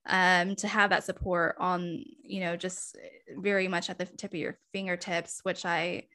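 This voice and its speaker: A woman's voice: on the low side, measured pace. A woman guesting on a podcast, chatting casually and enthusiastically with many fillers. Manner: relaxed, enthusiastic, filler-heavy. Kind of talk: casual chat.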